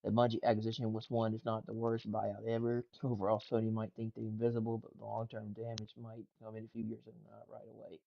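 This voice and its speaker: A man's voice: lowish voice, monotone, fast, gravelly, few pauses, highs cut off. A man casually reacting to gaming clips and tweets, laughing often and swearing loosely. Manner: laughs a lot, loose and profane. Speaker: gaming news streamer.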